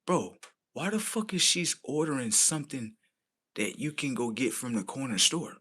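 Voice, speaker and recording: A man with rants to his stream. His pitch swings up and down and his tone is bright. He talks casually, incredulous, and swears freely. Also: moderate pace, breathy edge. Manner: animated, incredulous, swears freely, quotes others in his own voice. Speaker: livestream host. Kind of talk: casual storytelling rant.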